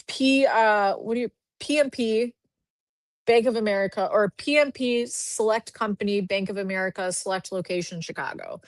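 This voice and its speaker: A woman's voice: mid-range voice, no room sound. A woman recruiter hosting a live stream, chatting casually and upbeat as she reviews profiles from a home office. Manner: chatty, upbeat, thinks aloud while clicking through profiles. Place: home office with a dog nearby.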